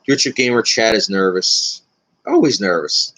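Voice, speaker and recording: A man's voice: on the low side, expressive, measured pace, bright, forceful tone, poor audio. A young man answering viewer questions in a casual livestream, rambling and chatty with many fillers and a nervous, self-described anxious manner. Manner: rambling, chatty, frequent fillers, laughs often.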